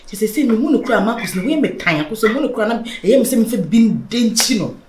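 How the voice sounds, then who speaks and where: A distraught young Ghanaian woman pours out her grievances, pleading and lamenting in a mix of Twi and English, as an actress plays her. Her voice is somewhat high. It rings in an echoey room. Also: animated, rapid-fire, darkish tone, a little hiss or hum, natural voice. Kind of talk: Ghanaian film acting.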